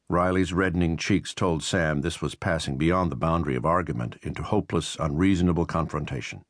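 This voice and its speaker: Male audiobook narrator, very low voice, measured, steady, dry studio sound. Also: no room sound. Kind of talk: scripted narration of a historical novel.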